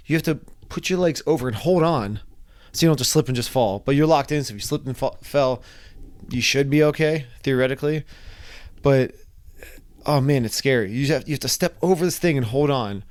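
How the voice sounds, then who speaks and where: A young man casually telling a personal story, animated and acting out his own reactions. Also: medium pitch, a little fast. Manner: animated, acts out his own screams and quotes.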